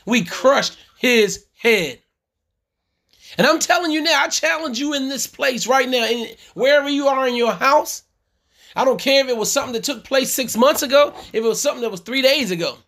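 A man's voice: very high-pitched, expressive, fairly quick, vocal fry, a bit bright. A man coaching couples in a church workshop who speaks emphatically like a preacher and repeats his challenges to the audience. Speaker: marriage coach.

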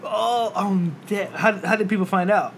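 A man with a high voice, co-hosting a casual podcast. He rambles through crude stories and keeps breaking into laughter. Clear background noise sits under his voice throughout. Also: a little slow. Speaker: podcast co-host. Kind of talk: casual chat. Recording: noisy room ambience.

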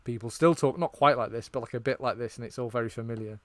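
A man talks casually about a film, rambling and enthusiastic. His voice sits at a middle pitch. The sound is dry and close, with no room around it. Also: fast talker, dry recording. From Britain. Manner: rambling, enthusiastic, lots of fillers and restarts. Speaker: podcast co-host.

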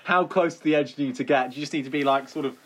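A man's voice: fairly high pitch, rapid-fire, a little hiss or hum. A man co-hosting a comedy podcast, chatting casually and playfully spinning absurd hypotheticals. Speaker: podcast co-host.

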